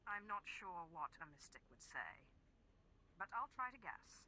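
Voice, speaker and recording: A woman's voice: medium pitch, sing-song, measured pace, pushed and bright, slight background noise, full character voice. Cool female Sith Inquisitor. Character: composed female Sith Inquisitor, young adult. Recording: game music behind.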